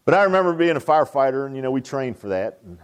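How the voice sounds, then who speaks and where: An older man preaching a sermon in a folksy, animated way, repeating phrases for emphasis. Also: mid-range voice, racing, clear, resonant tone. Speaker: pastor.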